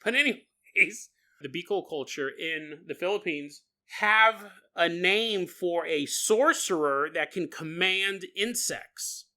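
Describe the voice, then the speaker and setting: A man hosting a comedic podcast, telling folklore with jokes, frequent laughter and quick silly voices. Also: high-pitched, bright, forceful tone. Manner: jokey, laughs often, slips into quick silly character voices. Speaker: podcast host. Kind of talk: comedic paranormal storytelling.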